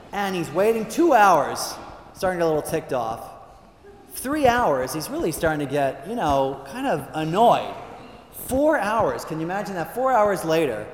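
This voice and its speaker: A male priest telling jokes in a chatty, animated way, full of fillers, in a large hall. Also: on the high side, normal speed. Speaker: priest speaker. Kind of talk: humorous talk with jokes. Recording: echoey hall with long reverb.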